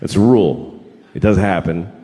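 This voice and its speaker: A middle-aged man doing a stand-up comedy set, ranting and profane, with sudden mock-outraged yells. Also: low-pitched, normal speed. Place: large theater stage before a laughing audience. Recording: roomy live venue with loud crowd.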